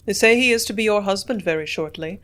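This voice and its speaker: A woman reading the part of a lovesick young gentleman in an audiobook, pressing his questions earnestly. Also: medium pitch, fast talker, close to an everyday voice.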